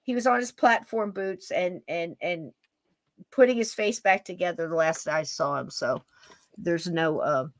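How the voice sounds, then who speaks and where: A woman hosting a podcast, telling a story in a lively way and laughing as she goes. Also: fairly low pitch, measured pace, no room sound. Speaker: podcast host. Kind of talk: animated storytelling.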